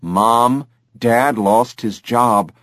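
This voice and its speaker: A man's voice: medium pitch, extremely slow, a bit bright, no echo, clean studio sound. A man reading an audiobook, voicing a worried adult son who speaks earnestly and firmly to his mother. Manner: earnest, pleading.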